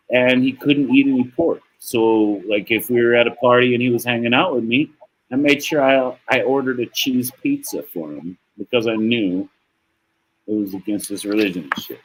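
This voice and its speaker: Streaming to his viewers from the United States, an American man gives a casual, rambling monologue that's heartfelt, profane, and broken up by laughs. His voice is medium in pitch at a moderate pace, and the recording is rough.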